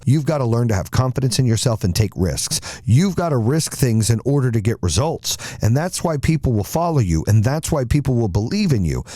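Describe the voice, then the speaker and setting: A man's voice: medium pitch, mellow, dry recording, studio quality. A man hosting a podcast and delivering an emphatic motivational monologue with punchy repeated phrases. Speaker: podcast host and motivational speaker.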